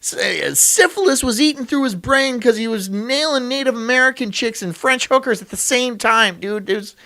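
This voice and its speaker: A man's voice: very high voice, moderate pace, bright, forceful tone. A man streaming, chatting casually in a crude, rambling way and laughing often.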